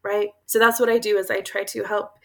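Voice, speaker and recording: A woman's voice: medium pitch, level tone, fairly quick, creaky, fairly bright tone. A woman guest on an interview show, telling personal stories in an earnest, casual way, with many fillers and laughs. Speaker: guest author.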